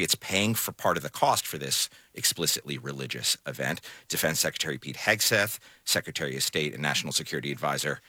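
A man's voice: low-pitched, sharp tone, dry recording. A man hosting a studio news discussion, earnest and questioning, sometimes restarting his sentences. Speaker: radio show host. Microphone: studio microphone.

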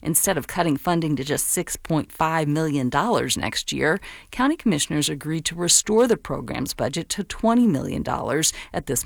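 Woman reporter, measured news read, gravelly edge, dry. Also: low voice, no echo.

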